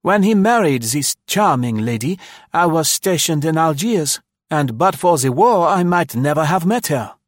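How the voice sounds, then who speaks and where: A man's voice: a little high, animated, moderate pace, no echo, studio quality, voice pushed up. A man voicing a dashing young French officer. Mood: exuberant.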